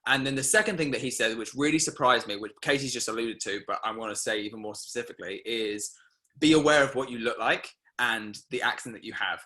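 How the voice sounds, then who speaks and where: A man's voice: medium pitch, fast talker, pushed and bright. A young British man speaking animatedly with many fillers, hosting a casual panel discussion. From Britain.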